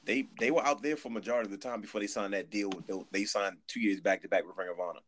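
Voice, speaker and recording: A man in casual podcast chat, animated and emphatic, often restarting his sentences. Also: lowish voice, quick pace, a little hiss or hum. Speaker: podcast guest.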